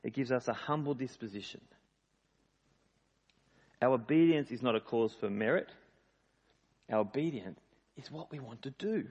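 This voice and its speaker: Emphatic preacher, echoing hall. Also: male voice, mid-range voice, normal speed, long pauses, a little mellow, husky. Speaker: pastor. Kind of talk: sermon. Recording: dull lo-fi sound in a reverberant hall.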